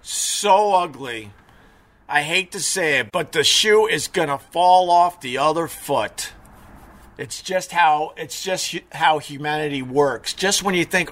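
Brief: middle-aged male streamer, allergy-stuffy, blunt rambling rant, slightly high, bright tone. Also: takes it slowly. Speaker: live stream host. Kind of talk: casual live stream rant.

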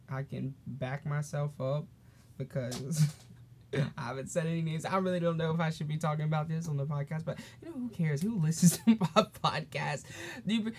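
A man's voice: on the high side, a little hiss or hum. A teenage boy talks casually on his solo podcast. His storytelling rambles, full of "um"s and restarts, and he sometimes acts out the people in his story. His tone is loose and chatty. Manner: rambling and animated, with many fillers and restarts. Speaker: podcast host.

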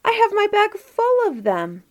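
A woman voicing an eager, kind little boy in a storybook reading, with high, excited exclamations. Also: unhurried, exaggerated voice.

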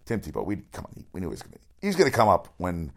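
A man running through sports news as a radio host, rambling, excitable and swearing often. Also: sits low, very fast, gravelly. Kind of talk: casual sports news rundown.

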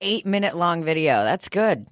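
A woman's voice: fairly low pitch, big pitch swings, moderate pace, no echo, studio quality. A woman co-hosting a comedy podcast in loose, laughing chat, swearing freely. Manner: swears a lot, laughs easily. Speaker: podcast co-host.

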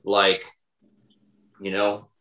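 A man with a low voice and a bright, forceful tone, chatting about his own songs. He talks haltingly, with lots of restarts, and the room adds an echo. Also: monotone. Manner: hesitant, full of restarts and fillers. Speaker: songwriter and bandleader. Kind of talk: casual conversation about an album.

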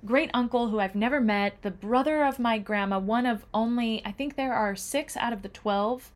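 A woman's voice: on the high side, normal speed. A woman co-hosting a podcast, chatting with enthusiasm about a family trip, with lots of fillers. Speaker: podcast co-host. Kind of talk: casual travel chat.

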